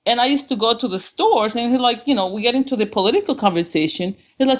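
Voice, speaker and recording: A woman's voice: fairly high pitch, fast talker, few pauses. A woman guest in an interview, speaking emphatically and rambling as she searches for words. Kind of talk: conversational interview.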